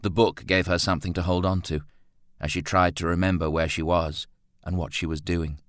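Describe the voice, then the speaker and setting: Low-pitched male audiobook narrator, dry and close. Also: level tone, a little fast, no room sound. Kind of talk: scripted narration.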